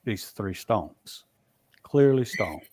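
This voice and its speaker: A man telling a long story in a casual, halting way, full of fillers and restarts. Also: on the low side, expressive, darkish tone, no echo. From Alabama, US. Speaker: Bigfoot researcher guest.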